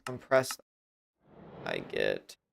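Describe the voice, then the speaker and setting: A man's voice: a bass voice, huge pitch swings, extremely slow, creaky, a bit bright, slight background noise. A man livestreaming a video game, thinking aloud in a rambling, self-mocking way as he sets up his desk mic. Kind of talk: casual gameplay commentary. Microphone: desk mic with noise gate.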